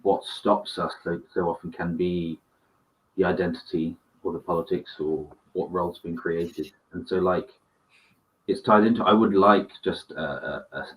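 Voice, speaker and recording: Low-voiced guy thinking out loud, bit far from the mic. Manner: thoughtful, halting. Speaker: guest actor. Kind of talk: reflective casual chat.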